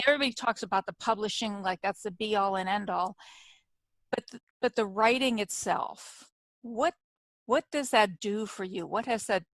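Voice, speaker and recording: A woman author hosting an interview, telling stories in an animated, chatty way. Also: medium pitch, gravelly, dry recording. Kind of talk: casual conversational interview.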